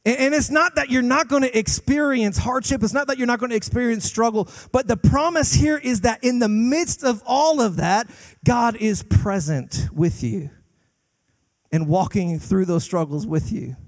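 A young adult man preaching a sermon as a guest pastor, emphatic, with fast bursts and slow drawn-out lines, often repeating words as he starts sentences. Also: extremely high pitch, no echo.

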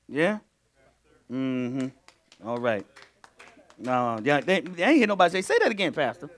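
Animated preacher man, big swings in pitch. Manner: call-and-response preaching, swings between loud bursts and low asides. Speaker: pastor. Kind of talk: sermon.

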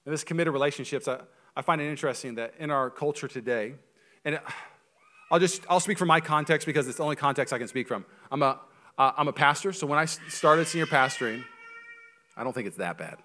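A male pastor preaching a sermon in a church, animated and joking, with quick asides. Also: fairly high pitch.

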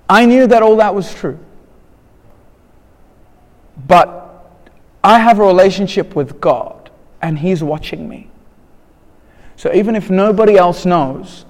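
Man, candid and rambling storyteller, a bit high-voiced, recorded in a reverberant hall. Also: darkish tone. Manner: candid, rambling, with many restarts and "blah, blah". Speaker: speaker telling a personal story. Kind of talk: personal storytelling talk.

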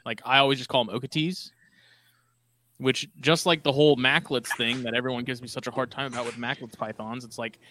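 A man with a bright, forceful tone walks through an explanation on a casual podcast, easygoing and unbothered. A faint hiss sits under him. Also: medium pitch, fairly even intonation, a little fast. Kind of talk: casual round-table chat.

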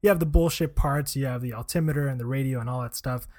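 A man who co-hosts a podcast and used to sell aviation products talks fast in a mellow, mid-range voice. His casual chat rambles, packed with "like" and "you know."

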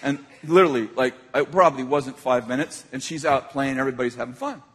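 A man's voice: medium pitch, fast talker, husky, big-room sound. An older man preaching a sermon as a pastor, speaking in a conversational, storytelling way with frequent restarts.

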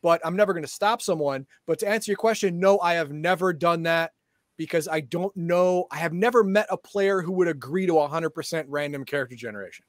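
A man's voice: a little high, fairly quick, dry recording, clean studio sound. A man co-hosting a live-streamed game master chat show, making emphatic announcements and joking around. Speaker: game master podcast co-host.

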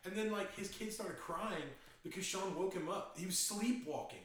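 Young male co-host, lively storyteller, slightly high voice, roomy and off-mic. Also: far from the mic, a crowd in the background. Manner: animated storyteller, fast and laughing. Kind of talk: casual chat. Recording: echoey room, away from mic.

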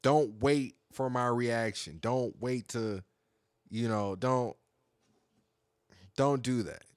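A man's voice: mid-range voice, slow, no echo, studio quality. A young man hosting a podcast solo, talking in a heated, profane, rambling way. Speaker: podcast host. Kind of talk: casual monologue podcast.

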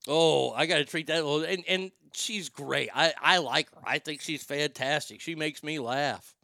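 A man in his forties chats casually on a livestream from his home studio. He rambles and jokes, with swearing mixed in. His voice is slightly high, very bright, and dry, with no room sound. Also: moderate pace, creaky, no room sound. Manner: joking, profane, rambling. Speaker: livestream host.

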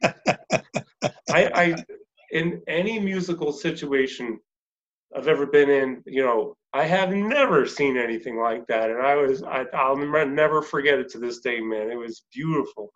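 A man's voice: medium pitch, normal speed. A man hosting a casual interview, praising his guest with effusive enthusiasm. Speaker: host. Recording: dull lo-fi sound.

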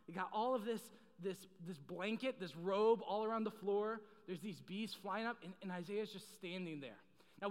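A young man with a high voice preaches in a large hall, and the sound rings with a long reverb. He jokes, tells stories and calls out to the crowd in a casual, lively way. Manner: casual, joking, animated storytelling with the crowd. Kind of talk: sermon.

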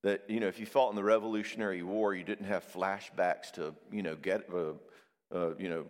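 A man's voice: low-pitched, steady tone, fairly quick, long reverb tail. A man preaching in a loose, conversational way, acting out the quoted voices of people he describes. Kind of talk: sermon.

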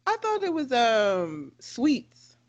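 A woman's voice: a little high, huge pitch swings, slow, muffled recording. A woman co-hosting a podcast in casual chat, teasing and exasperated and laughing along. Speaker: podcast co-host.

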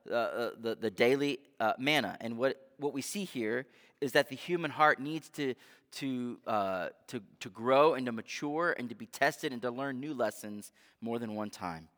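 Guy preaching a sermon, bright tense voice, lots of hall echo, chatty and lively. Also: mid-range voice. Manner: animated, conversational preaching with rhetorical questions. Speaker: pastor. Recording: long hall reverb.

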